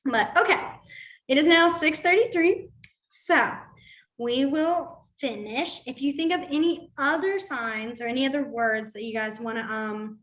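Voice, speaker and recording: A woman's voice: high-pitched, a little slow. A woman teaching a casual sign language class, chatty and full of fillers as she demonstrates and tells stories. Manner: chatty, filler-heavy, animated storytelling.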